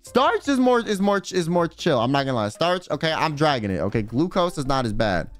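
A young man chats on a livestream in a high voice that leaps up and down with animation. He rambles through slangy, offhand stories. Faint music plays softly behind him. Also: big pitch swings, fairly quick. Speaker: streamer. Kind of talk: casual livestream chat.

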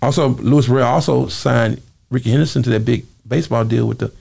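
A man telling stories from his music career in a casual interview, animated and full of asides. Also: mid-range voice, quick pace, vocal fry, breathy edge. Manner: animated storyteller, acts out quoted voices. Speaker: interview guest, former singer.

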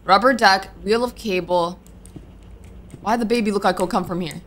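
This gaming streamer, a young woman, talks at a moderate pace in a medium pitch with a fairly bright tone. She comments on her play and chats to herself, letting out nervous exclamations as she jumps, while game music runs in the background.

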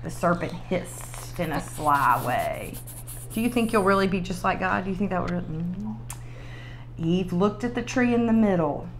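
Brief: woman leading a children's sermon, playful storyteller, lively pitch, faint noise behind. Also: normal speed.

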